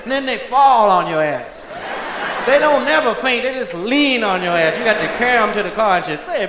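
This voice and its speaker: A man performing live stand-up comedy in a large hall, telling loud animated stories and shouting out character bits. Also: sits high, normal speed. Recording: echoey live concert vinyl with crowd noise. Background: audience laughter and ambience.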